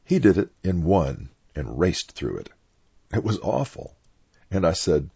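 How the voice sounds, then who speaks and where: Gravelly older man telling blunt stories. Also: sits low, big pitch swings, a little slow, dark tone. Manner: blunt, opinionated storyteller. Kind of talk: oral history reminiscence. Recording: dull lo-fi recording.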